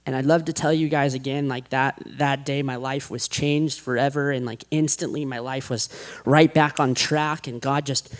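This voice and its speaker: A man giving a personal faith testimony to an audience, rambling and restarting, his voice dropping low and hushed in heavy moments. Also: steady tone, normal speed. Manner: rambling, self-described chaotic, with many restarts.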